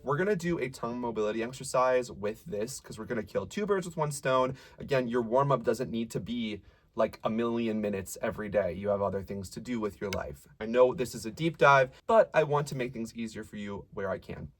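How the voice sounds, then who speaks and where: A young man coaching rock singers through vocal warm-ups, explaining calmly and sometimes singing short drills. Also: mid-range voice, a little fast. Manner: relaxed and encouraging, demonstrates sung warm-up drills. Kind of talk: singing lesson with sung exercises.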